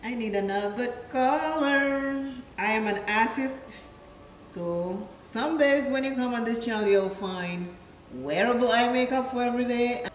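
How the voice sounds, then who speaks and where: A woman's voice: a little high, a little slow, slight background noise. Chatty woman vlogger in an echoey room. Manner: chatty and playful, drifts into storytelling. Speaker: makeup vlogger. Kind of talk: casual makeup tutorial chat. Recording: echoey room with the mic at a distance. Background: faint music.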